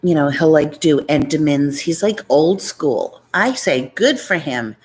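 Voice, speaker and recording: Low-voiced chatty New woman. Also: expressive, a little slow, rough recording. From New York. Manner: rambling, chatty, jumps between topics. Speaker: YouTuber hosting a live chat. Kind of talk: casual live-stream chat.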